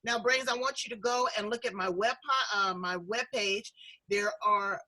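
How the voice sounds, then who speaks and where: Bright, husky woman hosting an interview. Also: mid-range voice, moderate pace, poor audio. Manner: enthusiastic, warmly complimentary. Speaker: host.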